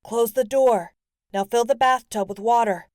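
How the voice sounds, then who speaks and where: A woman's voice: fairly high pitch, normal speed, darkish tone, dry recording, clean studio sound, natural voice. A woman voicing a teenage boy who gives urgent, commanding instructions over the phone.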